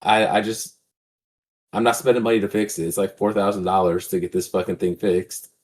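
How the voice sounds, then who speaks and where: A man's voice: lowish voice, steady tone, fairly quick, a little mellow. A young man co-hosting a podcast, talking in a laid-back, rambling way and swearing often. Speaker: podcast co-host. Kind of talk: casual chat.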